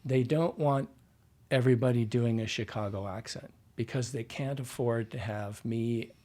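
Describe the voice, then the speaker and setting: A man's voice: mid-range voice, normal speed, mellow. Man explaining his craft. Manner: explanatory, checks in with "right?". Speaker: dialect coach guest. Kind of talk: podcast interview.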